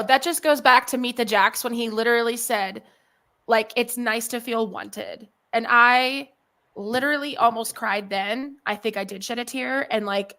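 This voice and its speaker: A woman's voice: fairly high pitch, fairly bright tone. A young woman co-hosting a podcast, chatting casually about basketball, emotional and rambling, with salty language. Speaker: podcast co-host. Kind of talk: casual sports chat.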